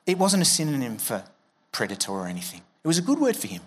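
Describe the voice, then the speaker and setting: A man's voice: mid-range voice, huge pitch swings, quick pace, husky. A man preaching a sermon as a pastor, conversational and joking, acting out quoted voices. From Australia.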